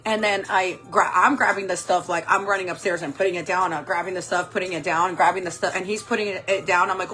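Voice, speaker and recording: Woman, 40s, makeup livestreamer; casual storytime delivery, profane and chatty, mid pitch. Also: a little fast, bright, forceful tone, faint music behind, low-quality recording. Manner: chatty, swears a lot, laughs often. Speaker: makeup vlogger.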